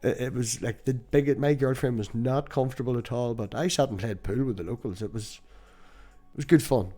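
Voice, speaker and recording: A man's voice: medium pitch, a little fast, dark tone. A young Irish man hosting a casual podcast chat, telling stories, swearing freely and laughing easily. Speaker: podcast host.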